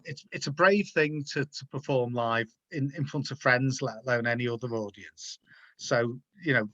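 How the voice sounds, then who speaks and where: A man's voice: mid-range voice, a bit bright, lo-fi sound. A man hosting a casual video-call chat show, chatty and encouraging, often repeating his words. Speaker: host.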